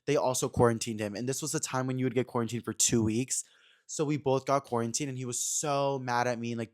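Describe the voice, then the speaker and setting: Fast-talking young man, chatty storytime. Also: mid-range voice. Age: young adult. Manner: chatty, filler-heavy, addresses "you guys". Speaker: podcast host. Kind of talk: casual storytime chat.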